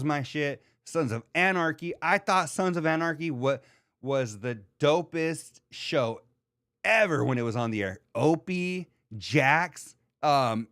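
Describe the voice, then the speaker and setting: A man hosting a podcast in casual chat, rambling and excitable, with lots of filler words as he answers his live chat. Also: a little high, dry recording, studio quality. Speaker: podcast host.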